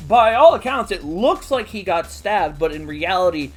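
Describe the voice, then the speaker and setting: A chatty man hosts a casual manga recap, animated and quick with laughing asides. His voice is a bit higher than usual for a man, and faint music plays underneath. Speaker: host.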